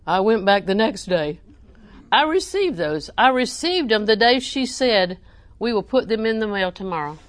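A woman preacher, delivering a sermon with animated emphasis that rises to near-shouting. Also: medium pitch, moderate pace, dry recording.

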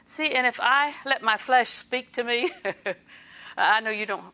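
A middle-aged woman preaches a sermon in a bright, forward voice that sits on the high side. She addresses the congregation in a relaxed, conversational style, chuckling now and then and acting out quick quoted lines.

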